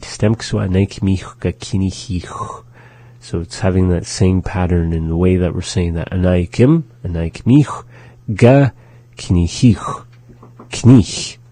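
A man hosting a radio language lesson, slowly and carefully pronouncing phrases and explaining them. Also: deep voice, dark tone, husky, no echo. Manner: slow, careful pronunciation drills. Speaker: language teacher and show host.

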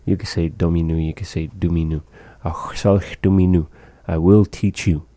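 Low slow guy leading a language lesson, repeats words carefully, mellow and dry. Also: steady tone, no echo. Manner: careful, repeats phrases slowly for learners. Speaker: language teacher.

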